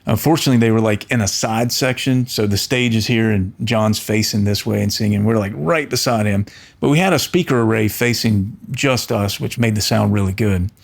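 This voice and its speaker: A man's voice: fairly low pitch, a little fast, creaky. A middle-aged man, an audio engineer, talking earnestly to camera and telling a story, often restarting his words. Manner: earnest, storytelling, with frequent restarts and animated quoted voices. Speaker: audio engineer and channel host. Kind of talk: casual talk to camera.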